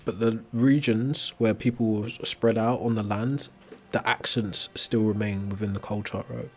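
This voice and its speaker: A man's voice: lowish voice, fairly even intonation, moderate pace. An English man with a working-class accent, chatting casually while gaming and often asking "right?". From England. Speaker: streamer.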